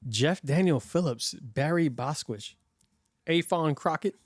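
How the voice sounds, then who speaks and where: Excitable male host, lively pitch. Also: a little slow, dry recording, studio quality. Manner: excitable, swears casually. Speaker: podcast host. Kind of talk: casual interview chat.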